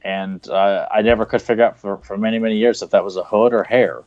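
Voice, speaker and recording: A man with a Southern US accent chatting casually as a podcast co-host, excited and rambling, with lots of fillers and restarts. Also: lowish voice, brisk, no room sound, dull audio. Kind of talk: casual chat, watching a cartoon.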